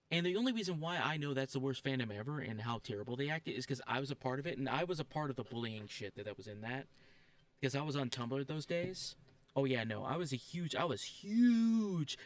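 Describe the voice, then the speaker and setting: A man's voice: medium pitch, fairly bright tone, dry recording, clean studio sound. A man streaming a game and ranting, heated, profane and emphatic.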